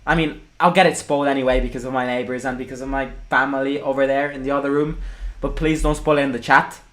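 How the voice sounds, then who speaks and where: A young man hosting a live football watchalong, excitable, breaking into shouts and swearing. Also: mid-range voice, fast talker. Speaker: fan channel host.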